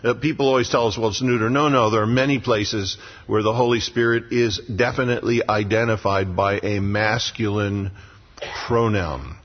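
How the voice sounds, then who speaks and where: Man, pastor, emphatic sermon, raspy voice, long church reverb. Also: on the low side, fairly even intonation, moderate pace. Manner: emphatic preaching with rhetorical repetition. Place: church sanctuary. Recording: lo-fi sound with long hall reverb.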